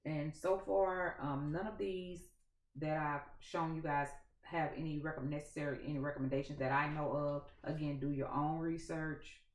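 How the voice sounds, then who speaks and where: A woman's voice: sits low, fairly even intonation, moderate pace. A woman with a thick Louisiana accent hosting a gardening channel, chatting folksily to viewers with a dry, scratchy throat. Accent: Louisiana Southern. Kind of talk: casual chat to camera. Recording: echoey room.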